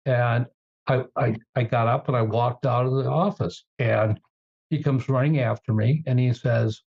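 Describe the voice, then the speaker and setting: A man in an interview, telling business stories in a measured way with frequent fillers. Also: mid-range voice, fairly even intonation, vocal fry, darkish tone, husky, highs cut off. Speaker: guest, turnaround CEO. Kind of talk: interview storytelling.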